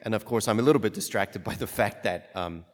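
A priest reads the gospel and then delivers a conversational homily, frequently asking a rhetorical "right?" His voice is fairly low and his pace brisk. A large room's long reverb surrounds him.

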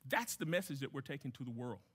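A man's voice: mid-range voice, lively intonation, quick pace, slightly rough. A man preaching a sermon as a guest pastor, emphatic, repeating key phrases and putting questions to the congregation.

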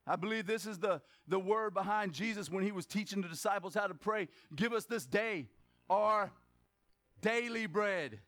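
At moderate speed, a high-pitched male pastor leads a lively church sermon. He asks the congregation questions, adds joking remarks, and erupts into shouts to stress his points.

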